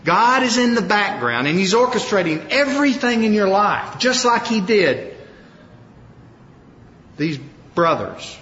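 A man preaching a sermon, retelling a story with lively acted-out quotes. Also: sits high, unhurried, pauses often. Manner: animated storytelling, acting out quoted lines. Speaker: pastor. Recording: roomy hall, dull lo-fi sound.

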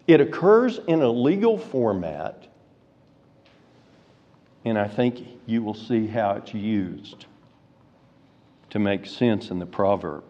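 A man preaching an expository sermon, slow and deliberate, rising to fervent emphasis. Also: mid-range voice, mellow. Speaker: pastor. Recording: reverberant hall, dull lo-fi sound.

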